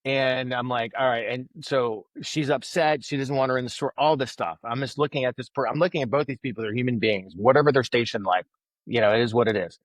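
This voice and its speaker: A man tells a story in casual conversation, with an ordinary mid-range pitch and lively delivery. He slips into the voices of the people he quotes. The sound is dry and close, with no room echo. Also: fairly quick. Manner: animated storyteller who acts out quoted voices. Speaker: podcast guest, author.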